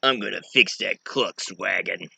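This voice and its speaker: A man voicing a loud, pompous cartoon rooster with a blustery drawl. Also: sits low, measured pace, gravelly, breathy edge, no echo, pitched below the performer's own voice, exaggerated voice. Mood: bossy.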